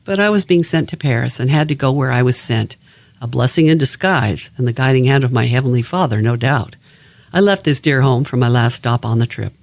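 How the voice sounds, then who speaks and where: A man reads aloud from an old family memoir, keeping a steady, even pace. His voice sits at a middle pitch for a man. The recording is dry and close, with no room sound around him. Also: no echo.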